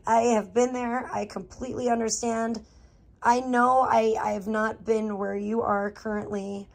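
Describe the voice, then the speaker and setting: A middle-aged woman live streamer in casual chat, talking candidly and emotionally to her viewers and swearing freely. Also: mid-range voice.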